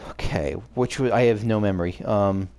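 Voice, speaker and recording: A man's voice: on the low side, moderate pace, a little mellow, smooth, faint music behind. A man giving casual, rambling, joking commentary while playing a video game. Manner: rambling, joking, many fillers. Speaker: let's play host.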